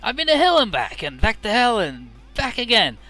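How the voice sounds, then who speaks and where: A bitter alien villain shouts his grievances in a high, furious voice, as a man puts him on. The voice swings widely and has a bright, forceful edge. Faint game music sits underneath. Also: wildly swooping pitch, normal speed, exaggerated voice.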